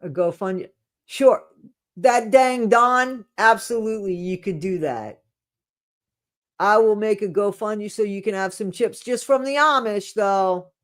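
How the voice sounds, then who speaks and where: A livestream host reading viewer comments in a casual chat, blunt and full of restarts, swinging between quiet mumbling and loud ranting. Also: medium pitch, a little slow.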